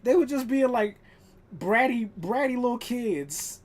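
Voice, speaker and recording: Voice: mid-range voice, lively intonation, measured pace. A live streamer chatting casually while gaming, rambling and swearing, laughing often.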